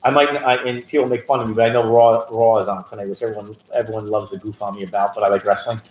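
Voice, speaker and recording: A man's voice: lowish voice, fast talker, highs cut off. A man co-hosting a podcast in casual political chat, telling stories and building into emphatic rants. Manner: animated storyteller, rising emphatic rants. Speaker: podcast co-host. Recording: roomy echo.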